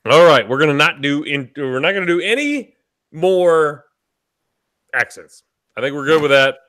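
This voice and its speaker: Boisterous man hosting, lively pitch. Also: normal speed. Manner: boisterous, joking, swears freely. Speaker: podcast host. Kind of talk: casual live podcast chat.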